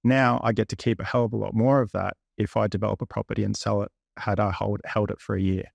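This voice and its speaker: In an interview, a property investor in his thirties candidly recounts past conversations at length. He talks fast in a lowish, creaky voice with flat delivery. The recording is dry, with no room sound.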